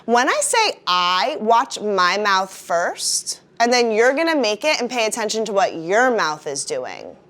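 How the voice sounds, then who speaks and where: Animated, slow-talking classroom teacher woman. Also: medium pitch. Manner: animated, drawn-out teacher voice with call-and-response prompts. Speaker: first-grade teacher. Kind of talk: classroom phonics lesson.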